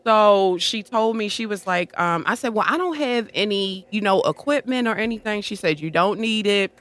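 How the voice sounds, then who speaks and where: Lively woman telling a story, bright voice. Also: mid-range voice, moderate pace. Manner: animated, acts out quoted dialogue. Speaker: podcast guest, horror streamer. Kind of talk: casual storytelling.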